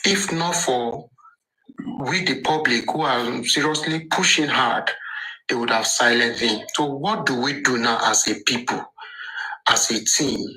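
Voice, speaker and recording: A man's voice: mid-range voice, measured pace, pushed and bright, poor audio. A man speaking on an online discussion panel, rhetorical, asking questions and answering them himself. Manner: rhetorical, asks and answers his own questions.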